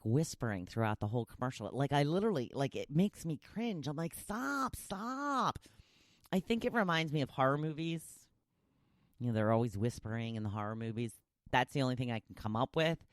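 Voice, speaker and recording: A woman's voice: a bass voice, no room sound, clean studio sound. A woman hosting a podcast, chatting casually and opinionated as she reads out listener replies. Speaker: podcast host. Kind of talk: casual solo chat reading listener replies.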